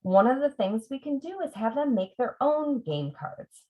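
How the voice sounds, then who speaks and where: A woman's voice: sits high, big pitch swings, moderate pace. A middle-aged woman reading tutor leading a parent workshop, patiently breaking words into sounds as she demonstrates. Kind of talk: teaching demonstration. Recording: dull lo-fi sound.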